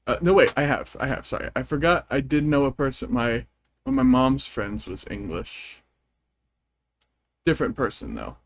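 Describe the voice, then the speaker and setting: A man's voice: medium pitch, expressive, normal speed. A man streaming a game, chatting in a rambling, amused way as he tells stories. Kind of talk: casual chat while gaming.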